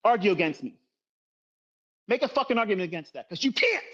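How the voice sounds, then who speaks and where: A man's voice: high voice, very animated, a little fast, a bit bright, breathy edge, muffled recording. Profane, scolding middle-aged man. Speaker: trading educator. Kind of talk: livestream rant.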